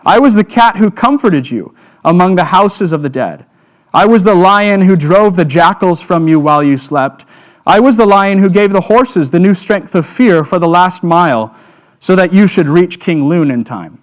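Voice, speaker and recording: A man reading aloud, voicing a huge, solemn male lion who speaks slowly and with quiet command. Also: high-pitched, animated. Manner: slow, grave and quiet.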